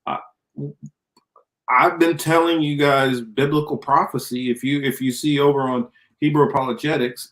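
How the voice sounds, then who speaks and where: A man's voice: medium pitch, a bit bright. Rambling man on a casual podcast. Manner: loose, rambling, reads chat comments aloud. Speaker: co-host. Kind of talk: casual political podcast chat.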